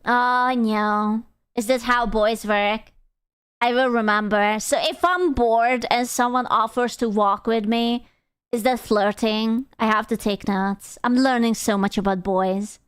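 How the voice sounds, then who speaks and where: A woman streamer with a high, smooth and clear voice, chatting with her viewers at an easy pace. She swears freely, bursts into laughter and puts on mock outrage, all in a dry, close sound. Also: slow, dry recording. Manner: loud laughing reactions and frequent swearing. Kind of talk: casual stream chat reading comments.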